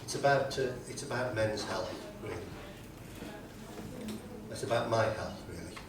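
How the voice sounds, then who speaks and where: A man, introducing his song on stage in a rambling, self-deprecating way with many halting fillers. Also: on the low side, noisy background. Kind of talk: live stage storytelling between songs. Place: live music venue with audience. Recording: roomy live recording from a distant mic with guitar.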